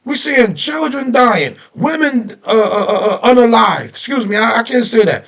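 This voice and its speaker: High pitched dude ranting on his reaction vid, aave, keeps asking rhetorical questions. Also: moderate pace. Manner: animated, ranting, repeats himself, rhetorical questions. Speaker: reaction video host. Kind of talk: heated political reaction commentary.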